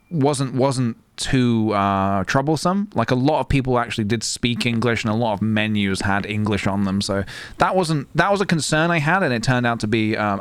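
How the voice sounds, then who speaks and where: A man's voice: medium pitch, no room sound. Rambling man on a casual game stream. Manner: rambling, hesitant, many ums and restarts. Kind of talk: casual gameplay stream chat. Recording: game music playing behind.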